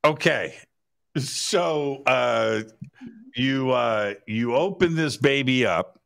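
A man hosting an interview who breaks in with slow, relaxed questions. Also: mid-range voice, gravelly. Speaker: interview host. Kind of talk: radio interview.

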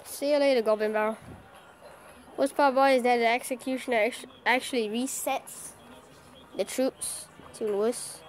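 A woman giving excitable live commentary over her own card-battle game, cheering and groaning at every play. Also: on the high side, normal speed, slight background noise. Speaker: gaming channel host.

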